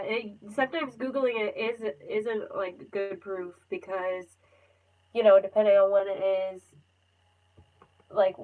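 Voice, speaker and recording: A woman's voice: mid-range voice, narrow, tinny audio. A young woman chatting casually on a phone livestream, rambling with lots of fillers and frequent laughs. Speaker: livestream host.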